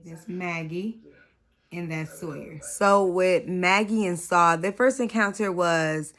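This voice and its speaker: A woman's voice: fairly low pitch, takes it slowly, a bit bright. A woman recapping a reality show in a casual, slangy way, speaking candidly and swearing often, with chatty asides to her viewers.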